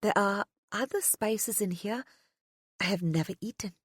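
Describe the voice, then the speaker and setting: A soft-spoken woman narrating a first-person romance audiobook, often dropping to a whisper. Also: medium pitch, unhurried, breathy edge, no room sound, studio quality.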